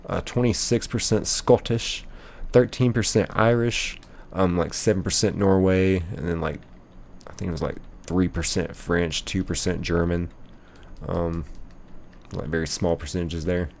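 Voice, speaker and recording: A man's voice: low-pitched, fairly even intonation, measured pace, gravelly, a little mellow, slight background noise. A young man streaming live, casually reading chat messages aloud and rambling with lots of ums and likes.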